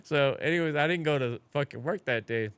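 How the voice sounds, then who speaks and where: A man's voice: fairly high pitch, a little fast, smooth, no echo. Profane Brazilian man telling stories. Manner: profane, animated, acts out quoted voices. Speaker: podcast guest. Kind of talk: casual storytelling.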